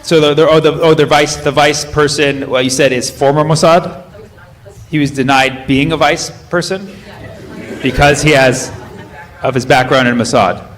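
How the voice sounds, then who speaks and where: A man in his thirties, a stand-up comedian doing loose crowd work, riffing and firing quick questions at the audience from the stage. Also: a little high, fairly even intonation, fairly bright tone. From United States.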